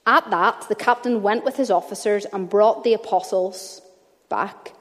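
A woman's voice: medium pitch, moderate pace. Woman preaching in a reverberant hall. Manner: conversational, earnest, personal storytelling. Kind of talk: sermon. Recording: long reverb of a church hall.

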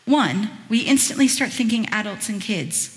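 A woman's voice: medium pitch, normal speed, long reverb tail. A woman giving a sermon as a guest speaker, talking conversationally with chatty asides and reading scripture aloud with expression. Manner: reads scripture aloud in a lively voice. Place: church.

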